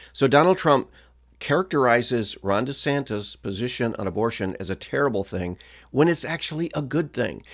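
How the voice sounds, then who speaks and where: A male pastor giving political commentary in a firm, blunt, moralizing way. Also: mid-range voice.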